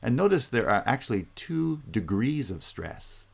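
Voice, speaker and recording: A man giving a linguistics lecture, explaining patiently, repeating example words slowly and often checking with "right?". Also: medium pitch, very animated, vocal fry. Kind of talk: recorded university lecture.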